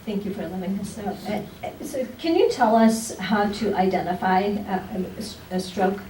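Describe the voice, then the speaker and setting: A woman asks questions politely, sometimes hesitating. Her voice sounds distant in a reverberant room. Clear background noise runs under her speech. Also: medium pitch, moderate pace, warm tone. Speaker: moderator. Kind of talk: asking interview questions. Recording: echoey room, mic far off, clear noise.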